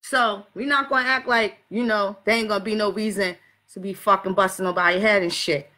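A woman telling a story and ranting in a blunt, profane, animated way. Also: mid-range voice, a little fast. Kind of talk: casual rant and storytelling.

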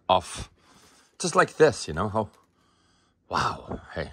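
Husky rambling man. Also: lowish voice, very animated, a little slow, long pauses, fairly bright tone. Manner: rambling, profane, self-interrupting. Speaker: artist. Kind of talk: rambling spoken monologue.

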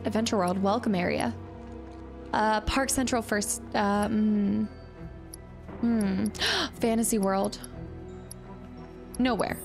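A young woman streaming a video game, chatty and excitable, thinking aloud as she plays. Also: medium pitch, slow pace, creaky, long pauses, music in the background. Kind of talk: casual let's-play commentary.

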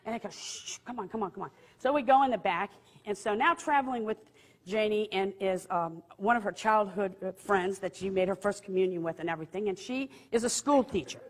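A woman telling a personal story with animated delivery, laughing often and jumping into high excited outbursts. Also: brisk, in a large hall. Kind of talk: testimony storytelling.

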